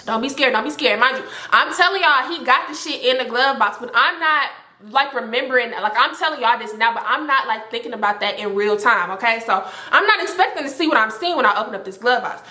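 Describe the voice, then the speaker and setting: A young woman telling a story to camera in a casual, animated and profane way, with many filler words. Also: on the high side, brisk. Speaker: storytime vlogger. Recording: roomy echo.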